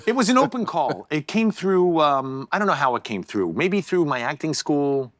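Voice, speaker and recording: A middle-aged man, a podcast guest telling a story in a lively way, stumbling and repeating words as he goes. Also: on the high side, normal speed, no room sound. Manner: animated storyteller who acts out quotes, repeats words. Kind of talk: casual storytelling in a podcast chat. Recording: dry close-miked studio sound.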